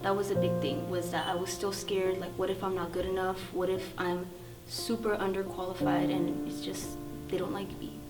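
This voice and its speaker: A woman's voice: lowish voice, level tone, normal speed. A young woman giving a personal testimony at a youth service in a chatty storytelling way, with many fillers and quoted inner thoughts. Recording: guitar music playing underneath.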